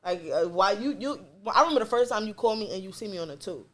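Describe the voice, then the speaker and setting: A woman's voice: medium pitch, expressive, quick pace, fairly bright tone. A woman co-hosting a podcast, chatting casually and animatedly, laughing often and swearing freely. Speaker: podcast co-host. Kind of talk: casual chat.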